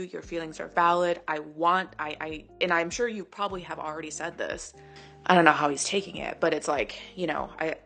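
Gravelly low-voiced woman chatting. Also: a bit bright. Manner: chatty, supportive, full of restarts and fillers. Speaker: podcast co-host. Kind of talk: casual chat.

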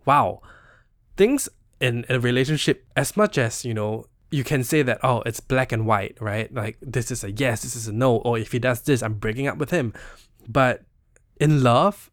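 A man's voice: mid-range voice, normal speed, no echo, clean studio sound. A young Singaporean man hosting a podcast, casually unpacking a poetry book in a chatty, playful way, full of "you know" and "like". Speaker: podcast host. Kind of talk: casual solo literary analysis.

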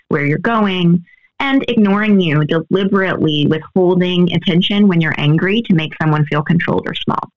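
A woman's voice: medium pitch, vocal fry, muffled recording. A woman answering interview questions as an expert guest, earnest and explanatory, often tagging on "right?".

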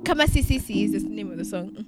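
A woman's voice: medium pitch, lively intonation, quick pace, loud music behind the voice. A woman in her twenties from Kenya with a mixed Kenyan, British and Australian accent, chatting casually as a podcast co-host, laughing often and acting out quotes. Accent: mixed Kenyan, British and Australian English. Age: 20s. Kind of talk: casual chat.

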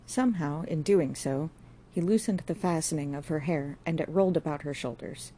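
A woman with a low voice reads a classic novel aloud in a measured, steady way. Her tone is dark and mellow, and her pacing is even and unhurried. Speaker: audiobook narrator. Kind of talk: scripted narration of a classic novel.

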